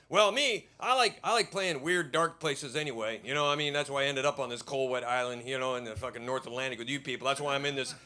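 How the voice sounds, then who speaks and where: Brash American stand-up man, bright tone. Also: medium pitch, fast, hardly any pauses. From Idaho, USA. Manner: brash, profane, mocking. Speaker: stand-up comedian. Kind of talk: stand-up comedy set. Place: comedy club basement before a live audience.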